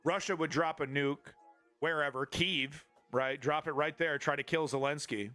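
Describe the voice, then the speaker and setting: A man rants on a live stream with a slightly high, forceful voice. He swears freely and stays flippant, stumbling and restarting his sentences. Faint music plays underneath. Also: normal speed. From Canada. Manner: profane, flippant, repetitive restarts. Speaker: political commentary streamer. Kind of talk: live-streamed political rant.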